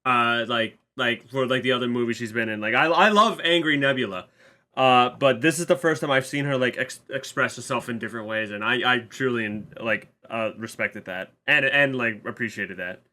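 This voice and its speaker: A man's voice: mid-range voice, moderate pace, pushed and bright. A man guesting on a casual spoiler chat, restarting his words often and laughing a lot. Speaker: guest film reviewer.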